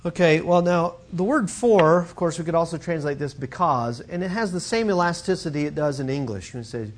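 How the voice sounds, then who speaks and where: Animated man preaching a sermon. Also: on the high side, brisk, few pauses. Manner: animated teaching, acts out quoted voices. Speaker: Greek professor preaching.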